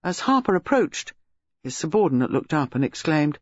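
A man's voice: on the high side, big pitch swings, dry recording, lo-fi sound. Man reading a mystery novel aloud. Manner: measured, gives characters distinct voices. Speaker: audiobook narrator. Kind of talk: scripted narration.

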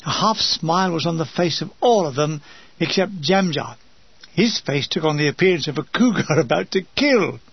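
Memoir narrator: a fairly high, husky male voice with dry, comic asides. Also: expressive, normal speed, dry recording, dull audio. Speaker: narrator of his own war memoir.

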